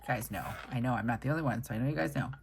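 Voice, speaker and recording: A woman's voice: extremely low pitch, racing, noisy background. A woman chatting casually to camera while she sets up her weekly planner, rambling and upbeat. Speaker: planner vlogger. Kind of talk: casual plan-with-me chat. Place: home desk. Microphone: camera set low on the desk.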